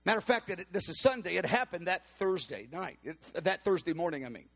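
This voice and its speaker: A man preaching, telling a story in an animated way and acting out the voices of the people in it. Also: high-pitched, brisk, creaky. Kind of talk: storytelling sermon.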